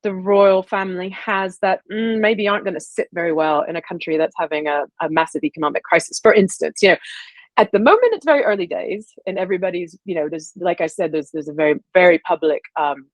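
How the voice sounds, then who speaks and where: American historian lady, kinda low voice, thinks out loud with lots of restarts. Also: fairly even intonation, no echo. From United States. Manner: thoughtful, halting with restarts and fillers. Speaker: historian guest. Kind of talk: interview answer.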